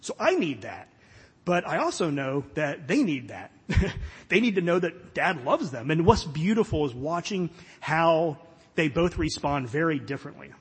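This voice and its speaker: A middle-aged pastor from Florida, USA, preaches a sermon in a long hall reverb. His voice is on the high side and husky, swinging widely in pitch at normal speed, and he's earnest and conversational with light self-deprecating humor.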